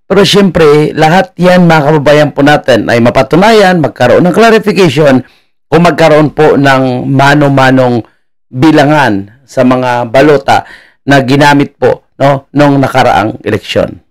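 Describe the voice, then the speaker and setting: A man with a Filipino accent giving casual commentary and talking directly to viewers, often tagging on "no?". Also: fairly high pitch. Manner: talks to viewers directly, adds "no?" tags.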